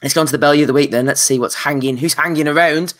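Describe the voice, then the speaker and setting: A man's voice: fairly high pitch, steady tone, racing. A man hosting a casual podcast, breezy and upbeat as he introduces segments. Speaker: podcast host.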